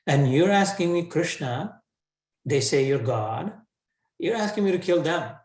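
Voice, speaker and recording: A man's voice: on the high side, expressive, measured pace, a little mellow. Man voicing a pleading warrior prince. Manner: incredulous, pleading, colloquial. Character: anguished young warrior prince pleading with his mentor. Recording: roomy echo.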